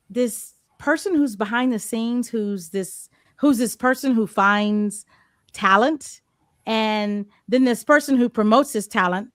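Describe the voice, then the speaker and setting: A woman's voice: a little high, a bit bright, no echo, clean studio sound. A woman hosting a casual interview, chatty and playful, acting out quotes as she talks. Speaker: host.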